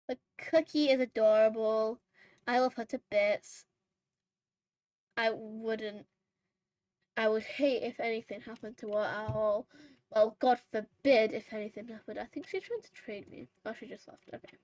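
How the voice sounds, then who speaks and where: Chatty, rambling woman with a higher voice. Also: measured pace, a little mellow, dry recording, low-quality recording. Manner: rambling and chatty, full of fillers and self-corrections. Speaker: gaming vlogger. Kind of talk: casual chat over horse role-play gameplay.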